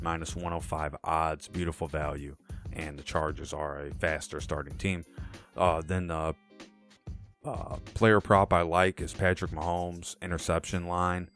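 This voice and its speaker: A man's voice: very deep voice, a bit bright. A man hosting his own sports podcast, talking casually and rattling off picks with playful catchphrases. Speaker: podcast host.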